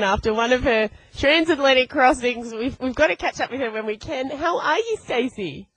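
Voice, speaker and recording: A woman's voice: high-pitched, moderate pace, hardly any pauses, fairly bright tone, no echo, low-quality recording. A woman radio host in a casual interview, chatty and enthusiastic, laughing often.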